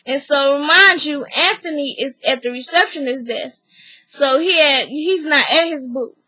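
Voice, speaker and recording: High, bright-voiced woman vlogger. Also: normal speed, no echo, rough recording. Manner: animated storyteller who acts out other people's lines; laughs often. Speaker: vlogger recapping a reality TV episode. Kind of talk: casual chatty recap.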